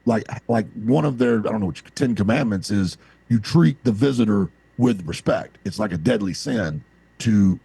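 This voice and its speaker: Gravelly, husky man telling stories. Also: on the low side, normal speed, no room sound. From American South. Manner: rambling anecdotal storyteller, animated. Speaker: podcast co-host. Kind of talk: casual storytelling chat.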